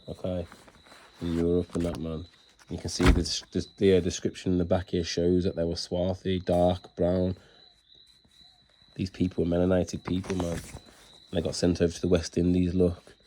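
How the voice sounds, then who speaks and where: A man talks to his followers in a deep, monotone voice with a very dark tone. He preaches insistently and keeps tagging his sentences with "man". He stumbles and restarts as he reads passages aloud from books. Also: a little fast, a little hiss or hum. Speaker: self-styled religious speaker. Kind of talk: casual monologue to followers.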